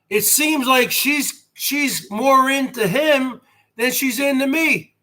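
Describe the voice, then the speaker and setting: Guy with a real high bright voice doing his live stream, talks slow, brags like a wrestling promo. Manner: boastful wrestling-promo bravado, rhetorical questions. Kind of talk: rambling live-stream chat.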